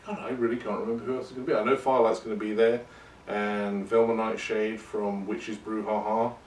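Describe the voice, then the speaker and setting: A man's voice: lowish voice, level tone, a little fast, a little mellow, slight background noise. A man hosting a podcast, talking in a rambling, casual, self-deprecating way. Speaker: podcast host. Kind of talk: casual monologue. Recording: roomy and distant from the mic.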